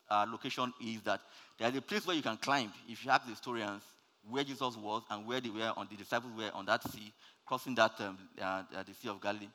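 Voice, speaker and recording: Bright-voiced preacher in a reverberant hall. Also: male voice, mid-range voice. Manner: energetic preaching, rising loud then dropping soft. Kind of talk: sermon.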